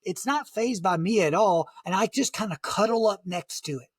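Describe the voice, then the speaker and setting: A man with a high-pitched voice recounts a harrowing ordeal in a loose, conversational way, stopping and restarting as he goes. The sound is dry and close, with no room around it. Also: slightly rough, no echo. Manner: vivid, halting retelling with many "like" fillers. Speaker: guest, motivational speaker. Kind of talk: conversational storytelling.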